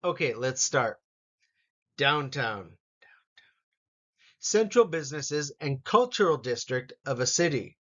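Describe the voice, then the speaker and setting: A man teaching an English vocabulary lesson, saying each word slowly and repeating it for learners. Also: a little high, very animated, fairly bright tone, lo-fi sound. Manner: slow, careful pronunciation drills with repetition.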